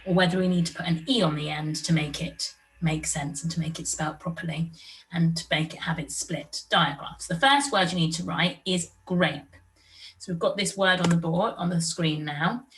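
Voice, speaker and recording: Woman, primary teacher, online lesson, bright sharp voice, slow clear sounding-out, a little far from the mic. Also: fairly low pitch, steady tone, slight background noise. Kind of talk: recorded online lesson for young children.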